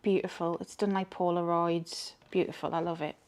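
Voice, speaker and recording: A woman's voice: lowish voice, flat delivery, normal speed. Rambling Geordie woman reading tarot. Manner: rambling, chatty, frank. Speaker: tarot reader. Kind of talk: casual chat to camera.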